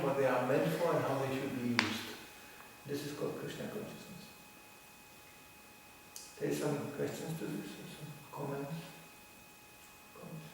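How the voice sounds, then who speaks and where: A man giving an animated devotional lecture, mocking voices and laughing as he teaches. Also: mid-range voice, noisy background. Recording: echoey hall from far off.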